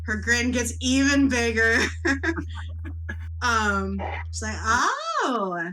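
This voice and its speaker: Woman game master, bright tone, slow and easy, giggly tabletop narration. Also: on the high side, rough recording. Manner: giggly, loose and chatty.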